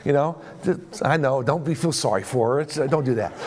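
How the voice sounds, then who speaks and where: A man's voice: medium pitch, brisk. A middle-aged man preaching a sermon as a pastor, repeating phrases for emphasis and often asking the congregation "right?".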